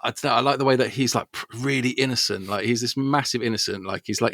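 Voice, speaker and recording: A man co-hosting a casual podcast, rambling excitedly about films and laughing often. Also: medium pitch, quick pace, dry recording, studio quality. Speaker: podcast co-host. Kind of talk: casual chat. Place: home podcast setup.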